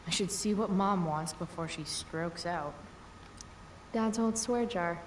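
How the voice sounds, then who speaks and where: A rebellious teen girl with a dry, mocking, deadpan delivery, as in a story-driven video game. The voice sits back from the mic, carried as game sound under a light hiss of background noise. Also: lowish voice, slow. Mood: wry. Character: sardonic rebellious teenage girl. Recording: faint distant game audio, light noise.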